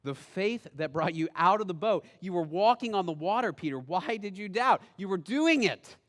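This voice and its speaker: A calm, authoritative teacher, played by a male preacher, speaks softly and slowly with gentle questions. His quiet voice carries through a reverberant church hall. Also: high voice. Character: calm, authoritative teacher addressing a disciple, adult man.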